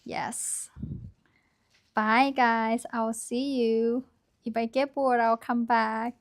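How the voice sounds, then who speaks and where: A calm, soft-spoken woman chats casually to her viewers at an unhurried pace. Her voice sits a little high, and she talks in a gentle, quiet way. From Thailand. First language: Lisu. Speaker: embroidery vlogger. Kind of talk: casual chat to camera.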